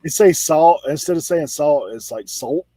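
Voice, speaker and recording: A man's voice: on the high side, expressive, normal speed, dark tone. Chatty man. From Outer Banks, North Carolina. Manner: chatty, laughs often, says "like" a lot. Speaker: reseller channel host. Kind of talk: casual chat on a video call hangout.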